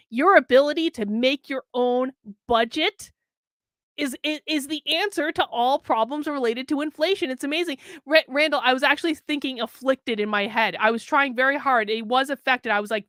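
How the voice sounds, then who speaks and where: A woman's voice: high-pitched, fairly bright tone, dry recording, studio quality. A woman hosting a news commentary show, reading an article aloud and mocking it sarcastically.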